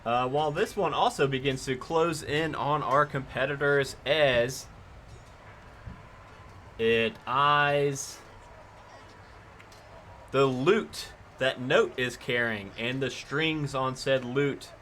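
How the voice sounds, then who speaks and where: A man's voice: medium pitch, slow pace, long pauses, sharp tone, a little hiss or hum. A man co-commentating a tabletop arena battle, stopping to look up and read out spell rules. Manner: reads spell rules aloud, hesitant. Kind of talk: mock sports commentary for a tabletop game.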